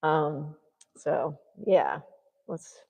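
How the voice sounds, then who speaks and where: Woman artist, chatty and rambling as she paints, low voice with a lingering reverb. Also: drawn-out words, gravelly, a little mellow. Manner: chatty, rambling, thinks aloud. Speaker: artist livestreaming a painting session. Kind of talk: casual chat while painting.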